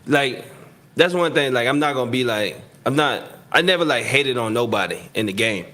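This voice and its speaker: A man telling football stories in a casual interview, acting out quotes loudly and laughing often. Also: mid-range voice, expressive, normal speed. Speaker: retired football receiver, guest.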